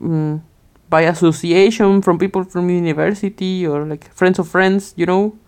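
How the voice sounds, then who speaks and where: A woman's voice: lowish voice, steady tone, normal speed, a little mellow. A woman co-hosting a podcast, chatting casually with lots of laughter and rambling fillers. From outside Germany. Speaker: podcast co-host. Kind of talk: casual chat.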